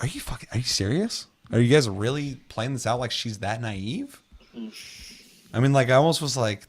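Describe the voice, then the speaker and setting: On a gaming podcast, this co-host spins a casual, profanity-laced story, performing the quoted lines with lots of animation. His voice is mid-range and his delivery brisk.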